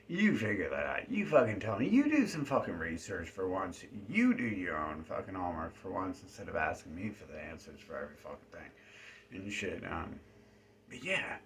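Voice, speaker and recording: Low-voiced man ranting profanely. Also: big pitch swings, normal speed, slight background noise. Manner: profane, rambling, drops into hushed asides. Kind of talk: rambling solo monologue.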